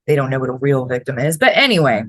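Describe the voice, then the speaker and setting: A woman's voice: extremely low pitch, sing-song, fast talker, a bit bright, no echo, rough recording. Florida woman hosting a podcast, new york meets southern accent, says it straight, curses a lot. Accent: mix of New York and Southern. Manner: blunt and direct, swears freely. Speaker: podcast host. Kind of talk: casual advice podcast.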